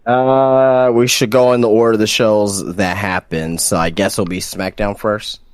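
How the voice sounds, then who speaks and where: A man's voice: lowish voice, steady tone, measured pace, clean tone, no room sound, studio quality. A man co-hosting a podcast in a laid-back, teasing way, sitting a little away from the microphone. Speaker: podcast co-host. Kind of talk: casual chat.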